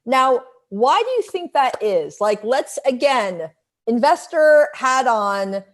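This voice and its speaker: A woman's voice: sits high, animated, slow. A woman hosting a live stream interview, speaking energetically with emphatic phrasing. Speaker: host.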